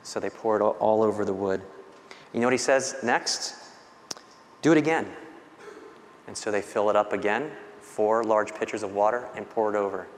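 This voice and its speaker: A man pastor giving a sermon, retelling scripture stories with animated, conversational delivery. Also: fairly low pitch, a little fast, slight background noise. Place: church sanctuary. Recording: long hall reverb.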